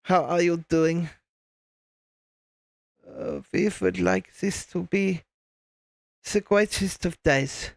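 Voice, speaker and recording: A man putting on a German accent to play a formal, courteous gentleman who speaks slowly and politely. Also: high voice, vocal fry, no echo, heavily acted. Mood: stately. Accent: German, put on. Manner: slow, stately, over-polite.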